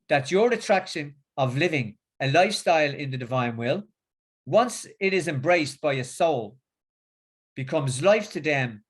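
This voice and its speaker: A middle-aged man with a Northern English accent gives a religious talk, then chats casually, often repeating words and using fillers. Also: on the high side. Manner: halting, with many repeats and fillers. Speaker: religious speaker.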